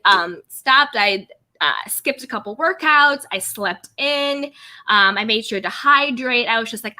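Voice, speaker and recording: A woman hosting a casual livestream, greeting viewers by name and reading chat aloud in a bubbly, expressive way. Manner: expressive, pitch jumps up high on greetings. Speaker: livestream host.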